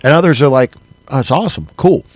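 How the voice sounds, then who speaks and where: A man co-hosting a podcast in casual chat, animated and halting, with frequent restarts and laughs. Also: medium pitch, dry recording. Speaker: podcast co-host.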